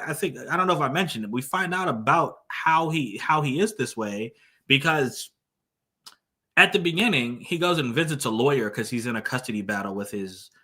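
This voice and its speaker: A man's voice: a little high, bright, forceful tone. A man giving a casual spoken movie review, blunt and exasperated, full of fillers and restarts.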